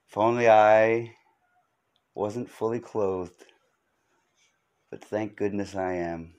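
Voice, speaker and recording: A man's voice: on the low side, slow pace, long pauses, darkish tone, clean tone, dull audio. A man hosting his own podcast, giving a rambling comedic monologue full of wry asides and fillers. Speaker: podcast host.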